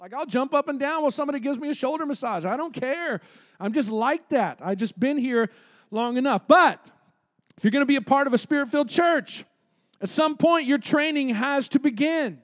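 Male pastor, very high voice, casual joking sermon in a church. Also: moderate pace, fairly bright tone. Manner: conversational, joking preacher with asides. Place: church sanctuary.

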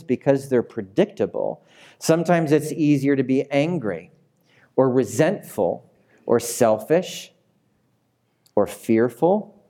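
A man's voice: medium pitch, dark tone. A man preaching a sermon in a conversational way that builds to emphatic peaks. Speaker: pastor.

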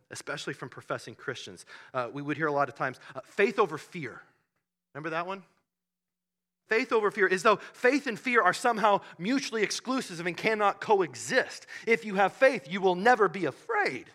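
A man delivering a sermon with a high, very bright voice that swings widely in pitch. He tells the story with animated bursts and quiet asides. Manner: animated storytelling, acting out the disciples in loud bursts and hushed asides. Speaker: pastor.

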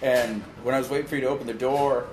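A man with a teasing, deadpan way of talking jokes his way through a casual podcast chat. His voice sits at an ordinary pitch. The room rings with echo, and clear background noise runs under it. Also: fast talker. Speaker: podcast guest.

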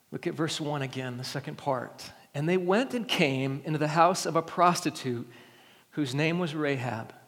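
Pastor, male, high voice, earnest preacher who swells for emphasis, sermon in a big echoing church. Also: a bit bright. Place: church sanctuary. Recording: long reverb of a church hall.

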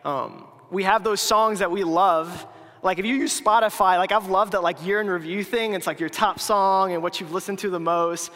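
A man's voice: high-pitched, moderate pace, a bit bright. A young man giving a casual youth sermon, chatty and full of restarts and filler words, poking fun at his own slips. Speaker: youth speaker. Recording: long hall reverb.

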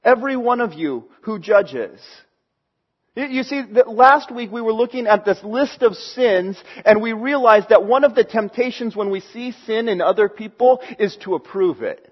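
A man's voice: sits high, lively intonation, moderate pace, lo-fi sound. A man preaching a sermon in a conversational way, acting out the voices he quotes. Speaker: pastor.

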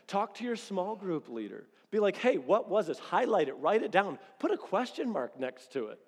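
Pastor, 30s, man, slightly high voice, chatty animated preaching, big echoey hall. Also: moderate pace, hardly any pauses, husky. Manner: conversational, animated preaching with acted-out quotes. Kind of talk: sermon. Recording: long reverb of a large hall.

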